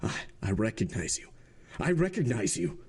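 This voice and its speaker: A man's voice: medium pitch, moderate pace, a little mellow, natural voice. A man voicing a grief-stricken, frantic middle-aged magistrate in a storybook reading, with anguished, pleading outbursts. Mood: bitter.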